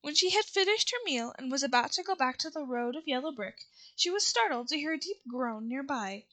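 A woman reads a children's novel aloud in a steady, unhurried way, stumbling on a word now and then. Her voice sits high and sounds bright and clear. It has the easy tone of reading chapters to listeners. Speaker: reader.

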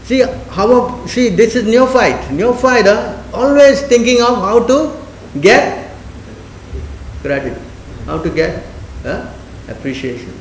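A man's voice: very high voice, very animated, slow pace, a little hiss or hum. A man teaching a spiritual class in a conversational way, often questioning his listeners and acting out quoted speech. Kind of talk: sermon class. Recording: echoey room.

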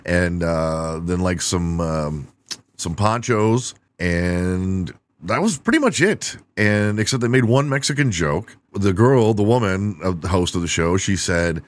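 Male podcast host, low register, irreverent and crude, chuckles through his own bits. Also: animated, a little slow, no room sound. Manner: irreverent, profane, laughing at own jokes. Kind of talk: casual comedic monologue.

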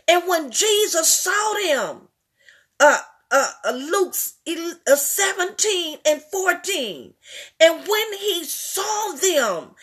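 Fervent high-voiced woman preaching slowly. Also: very animated, a bit bright. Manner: fervent, repetitive, rising into emotional crying-out. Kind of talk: sermon.

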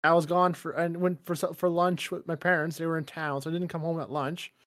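A man co-hosting a podcast in casual chat, excitable, swearing and laughing as he talks. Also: a little high, a little fast, no echo. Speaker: podcast co-host.

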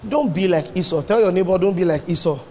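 A man preaching a sermon, animated and swinging his pitch up and down as he fires rhetorical questions at the congregation. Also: fast talker, slight background noise. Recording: long hall reverb, faint ambience.

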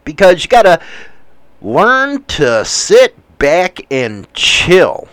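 A man in his forties with a Chicago accent, rambling through news with profane, animated asides. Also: on the high side, very slow, clean tone, no echo. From United States. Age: 40s. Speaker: commentator reading news. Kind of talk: casual commentary.

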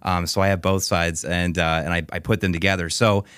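Animated young man, dry close sound. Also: low voice, fairly quick, clean tone, dry recording. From Connecticut, USA. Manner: animated, laughs often, many fillers and restarts. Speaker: guest. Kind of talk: casual storytelling. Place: TV station studio.

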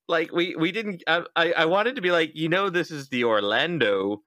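A man's voice: on the high side, moderate pace, few pauses, no room sound. A young adult man hosting a podcast, telling a story in casual chat and acting out the quotes. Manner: animated storyteller, acts out quotes. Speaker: podcast host.

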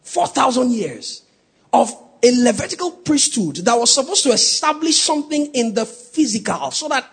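High husky-voiced pastor preaching. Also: male voice, very animated, normal speed. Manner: preaching with rising shouted emphasis, jokes with the congregation. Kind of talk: sermon.

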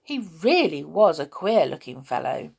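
Expressive woman reading a children's story. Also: sits low, unhurried, gravelly, slightly rough. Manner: expressive, with dramatic hushes and gasps.

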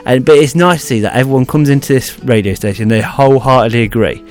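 A man with a mid-range voice, talking on a radio show in a studio. He speaks in a relaxed, hesitant way, with faint music playing underneath. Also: mid-range voice, fast talker. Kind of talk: casual radio chat.

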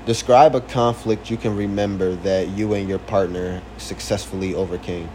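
A young man in casual couple chat, telling animated stories, swearing freely and acting out voices. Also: low voice, moderate pace, background noise.

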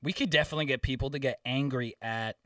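A young man with a bright, forceful voice, chatting casually on a podcast and telling animated stories full of jokes and swearing. He sounds a little set back from the mic in a dry, dead-sounding space. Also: mid-range voice, fast, no echo, recorded from a distance. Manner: joking, profane, animated storytelling. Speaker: podcast co-host. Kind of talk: casual chat.

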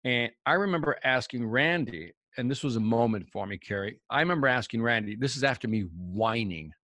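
A man's voice: medium pitch, brisk, dry recording. Male guest speaker, casual storyteller who voices the people in his anecdotes, recorded dry. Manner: animated storyteller acting out dialogue. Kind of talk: storytelling interview chat.

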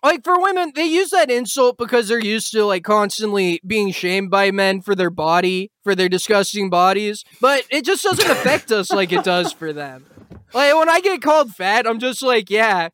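Man, very high voice, podcast host, ironic mock-serious banter, shouty outbursts, dry close sound. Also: animated, normal speed, no room sound. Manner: mock-serious, bursts into shouting and squealing mockery.

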